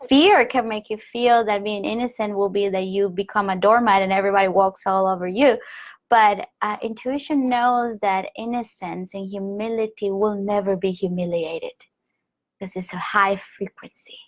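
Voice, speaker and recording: Gentle and soft-spoken, a woman teaches a spiritual lesson on a live online call in a medium-pitched voice with fairly even intonation, often lowering to a whisper and slowly repeating phrases.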